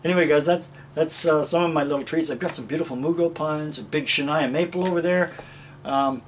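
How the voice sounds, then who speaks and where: A man's voice: on the high side, brisk, slight background noise. A man hosting a casual show-and-tell garden vlog outdoors, rambling and chuckling often as he talks to viewers. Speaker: gardening video host.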